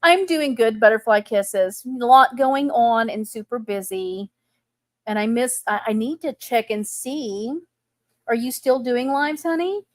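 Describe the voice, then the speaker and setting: A woman's voice: fairly high pitch, a little slow, no room sound. A middle-aged woman with a Texan accent hosting a casual live chat, chatty and laughing often as she greets viewers. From Texas. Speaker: livestream host.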